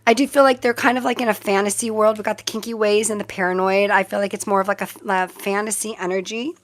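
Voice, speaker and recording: A woman's voice: medium pitch, steady tone, fast talker. A middle-aged woman hosting a casual live-stream tarot reading, chatty and easily sidetracked, often breaking into giggles.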